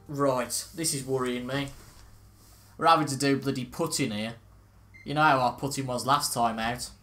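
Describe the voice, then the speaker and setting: A man's voice: medium pitch, steady tone, normal speed, sharp tone, soft background music. A young man casually commentating on a video game, chatty and self-mocking, reacting aloud as he plays. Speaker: gaming video host. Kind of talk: casual let's-play commentary.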